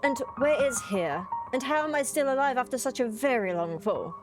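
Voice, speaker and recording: A woman's voice: a little high, expressive, moderate pace, lightly acted. A woman voicing a dazed, polite young woman named Alice, reading game lines in a prim character voice over game music. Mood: puzzled.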